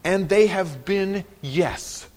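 A man preaching an expository sermon, acting out the quoted words with sudden rises in pitch and loudness, and sometimes repeating words as he explains. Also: extremely slow. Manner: animated preaching, rising sharply on quoted words. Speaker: pastor.

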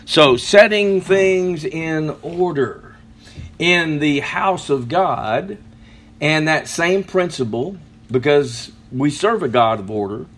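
Slow, bright-voiced male preacher. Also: a little high, animated, slight background noise. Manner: slow, halting delivery with many fillers and restarts; reads scripture slowly with emphasis. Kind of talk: sermon.

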